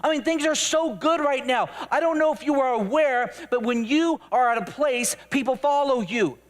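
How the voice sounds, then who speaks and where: Man voicing fretful male disciple, high and loud, whiny rapid pleading. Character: eager adult male disciple, fretting over popularity.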